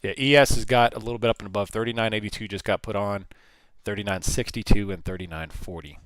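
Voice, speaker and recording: A man's voice: on the low side, steady tone, fast, fairly bright tone, no echo. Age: adult. Sex: man. Role: live trading stream host. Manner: chatty, thinks aloud. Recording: dry, close. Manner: chatty, thinks aloud, repeats and restarts phrases. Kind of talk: casual live market commentary.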